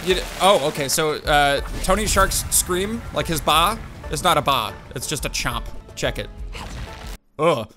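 A young man giving excited let's-play commentary on a game, with sudden loud outbursts and gasps. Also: fairly high pitch, normal speed. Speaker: gaming YouTuber. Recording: game music behind the voice. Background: game music.

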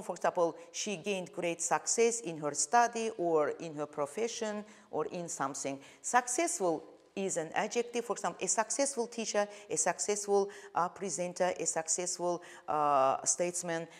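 A woman with an Azerbaijani accent teaching an English lesson, speaking slowly and deliberately, spelling out suffixes and pausing with frequent "uh"s. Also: medium pitch. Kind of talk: televised classroom lesson.

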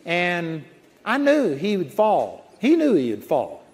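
A man's voice: high-pitched, huge pitch swings, takes it slowly. A man preaching a sermon in a folksy storytelling way, chuckling at his own anecdotes. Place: large auditorium. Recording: long auditorium reverb.

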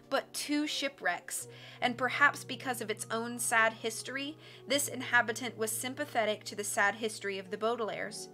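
A woman narrates an audiobook in a measured, expressive way, her voice bright and forward. She sits a little high for a woman, with soft music running faintly behind her. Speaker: audiobook reader on a stream.

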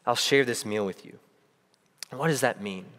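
In a church sanctuary with long, hall-like reverb, a young man delivers a sermon to his congregation. His medium-pitched, slightly bright voice moves at a normal pace, earnest and reflective, with frequent restarted phrases.

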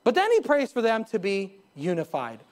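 A male pastor preaching a live sermon in a church, emphatic, with sudden rises and drops in pitch and pace and chuckles at his own jokes. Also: wildly swooping pitch, normal speed. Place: church sanctuary.

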